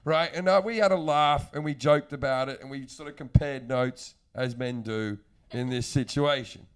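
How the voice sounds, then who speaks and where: A man's voice: mid-range voice, normal speed, clean tone. A man, a comedian hosting a podcast, telling crude, rambling anecdotes in casual chat and acting out the quotes.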